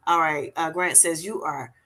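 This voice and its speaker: A woman's voice: low-pitched, fairly even intonation, normal speed, sharp tone. A woman hosting a casual livestream, chatty, filling her talk with "you know" and "y'all" as she reads viewer comments aloud. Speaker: livestream host.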